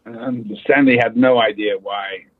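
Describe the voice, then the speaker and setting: A man's voice: medium pitch, fairly even intonation, measured pace, husky, no echo. A man from England, an actor, telling anecdotes in an interview and imitating the people in his stories. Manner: storytelling, mimics voices in quotes. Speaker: actor guest. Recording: tinny phone-like line.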